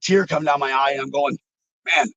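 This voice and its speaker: A man's voice: mid-range voice, quick pace, a bit bright, no room sound, poor audio. A man being interviewed over a video call, telling rambling, reflective stories with many fillers and restarts. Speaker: interview guest, former wrestler. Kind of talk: casual storytelling.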